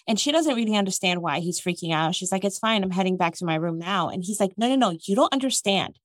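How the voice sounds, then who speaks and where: A woman in casual conversation, retelling a story with lively jokes. She slips into the characters' lines as she goes. Her voice sits at an ordinary pitch and sounds dry and close, with no room around it. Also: brisk, hardly any pauses, dry recording. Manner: animated, jokey, acts out characters' lines. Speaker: podcast co-host recapping a book. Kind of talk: casual chat.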